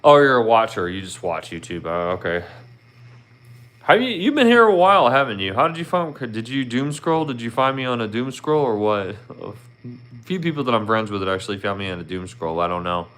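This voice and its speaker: A man's voice: medium pitch, very animated, a little fast, a bit bright. A man from Philadelphia with a Philly accent, casually chatting with viewers on his live stream, asking them questions and laughing often. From Philadelphia, Pennsylvania. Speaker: YouTuber hosting a live stream.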